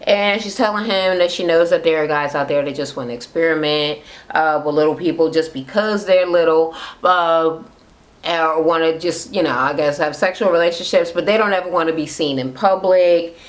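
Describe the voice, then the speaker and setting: A woman's voice: deep voice, normal speed. A young adult woman giving a casual, profane reality TV recap, animatedly acting out the cast's lines in voices. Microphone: camera mic, talking to camera.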